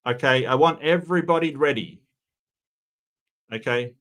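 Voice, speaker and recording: A man's voice: medium pitch, a bit bright. Stammering Australian man, casual commentary. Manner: halting, stammers and repeats words. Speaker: commentary host.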